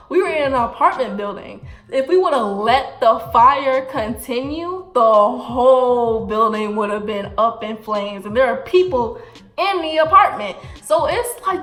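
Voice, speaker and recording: A young adult woman telling a casual storytime with animated, slangy delivery and acted-out quotes. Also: fairly high pitch, moderate pace. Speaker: vlogger. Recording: echoey room with faint music.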